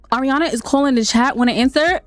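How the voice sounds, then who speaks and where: A woman's voice: high-pitched, no echo. A woman hosting a life-sim let's play, chatting and laughing with her viewers as she plays. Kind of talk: casual gameplay commentary.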